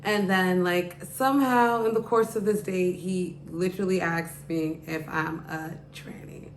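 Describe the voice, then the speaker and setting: A woman's voice: on the low side, steady tone, measured pace, slight background noise. Rambling woman podcast host, echoey room. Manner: rambling, heavy use of "like" and "you know". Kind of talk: casual storytelling.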